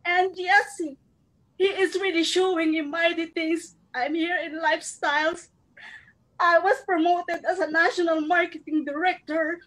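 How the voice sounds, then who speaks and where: A woman from the Philippines speaks in a high, bright register. She gives an earnest, heartfelt testimonial at a recognition event, working to keep her tears back as she speaks. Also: steady tone, measured pace, poor audio. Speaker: marketing director giving a recognition speech. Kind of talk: emotional testimonial speech.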